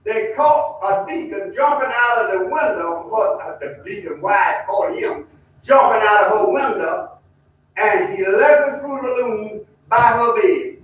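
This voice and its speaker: A high-voiced man teaches a Bible study in a folksy storytelling way, talking right to the group. He sounds far from the mic in a very echoey church. The recording is dull and muffled. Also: expressive, measured pace, fairly bright tone, a little hiss or hum. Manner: folksy, talks to the group directly, mimics hollering.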